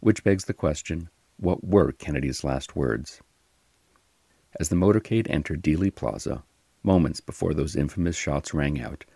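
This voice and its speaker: A man hosting and narrating a history podcast in a slow, measured scripted storytelling delivery. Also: a bass voice, gravelly, mellow, slightly rough, dry recording.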